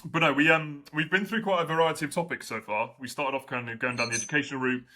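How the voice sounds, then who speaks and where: A man hosting a casual podcast over a video call, chatty and quick to laugh. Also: fairly high pitch, fairly even intonation, bright, forceful tone. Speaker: podcast host. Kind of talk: casual chat.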